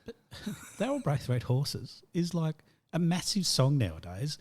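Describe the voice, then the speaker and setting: A man banters through a music podcast, his pitch bouncing up and down as he jokes. He teases his co-host and leans into funny asides. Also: huge pitch swings, a little slow, darkish tone. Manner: jokey and chatty, teasing banter. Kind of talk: casual music podcast chat.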